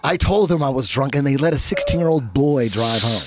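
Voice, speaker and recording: A man in casual podcast chat, telling a story with lots of swearing, his voice jumping up when he gets excited. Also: fairly quick, background noise. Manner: animated storyteller, voice rising high when excited, laughing, swearing.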